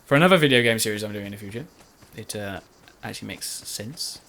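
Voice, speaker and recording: Vocal fry colors this man's lowish, somewhat bright voice, which is quick and lively in intonation. He's a Let's Play commentator rambling chattily over his own gameplay recording and joking at his own expense.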